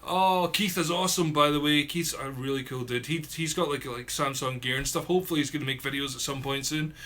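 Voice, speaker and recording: A man's voice: fairly high pitch, fairly quick, bright, forceful tone. A man with a southwest Scottish accent from near Glasgow, hosting a casual live-stream chat and reading out viewers' comments, with lots of fillers and repeated words. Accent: Scottish, southwest coast near Glasgow. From Scotland.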